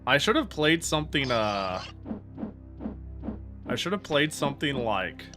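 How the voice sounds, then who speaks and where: A man's voice: medium pitch, big pitch swings, unhurried, pushed and bright, soft background music. A man streaming a game he is playing for the first time, chatting casually with sarcastic, exasperated remarks, swearing and laughing. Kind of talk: casual gameplay commentary.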